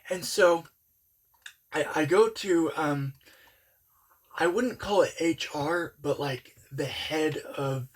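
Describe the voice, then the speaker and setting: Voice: mid-range voice, takes it slowly, long pauses. A young adult telling a personal story in a rambling, casual way, full of "um" and "like". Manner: rambling, filler-heavy, talks with hands-off candor.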